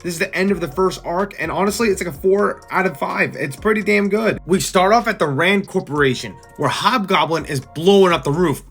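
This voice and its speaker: Young guy hyped recapping comics, high bright voice, bit of music behind. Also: a little fast, hardly any pauses, husky. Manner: excited, slangy, acts out scenes. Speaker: comic book reviewer.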